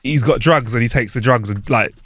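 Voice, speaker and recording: A man's voice: medium pitch, a little fast, fairly bright tone, no echo. A man co-hosting a casual podcast, telling jokes and acting out the voices, laughing often. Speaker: podcast co-host. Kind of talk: casual joke-telling chat. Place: home studio. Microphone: wireless clip-on mic.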